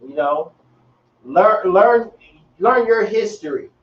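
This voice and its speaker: A man's voice: high voice, slow. Slangy man teaching across an echoey room. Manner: relaxed, slangy, repeats himself. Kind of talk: casual classroom teaching. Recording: echoey, distant, dull room sound.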